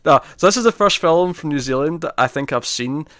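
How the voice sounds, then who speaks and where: A man's voice: a little high, expressive, a little fast, fairly bright tone, dry recording. A man co-hosting a casual movie review podcast, rambling and correcting himself, often laughing. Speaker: podcast co-host.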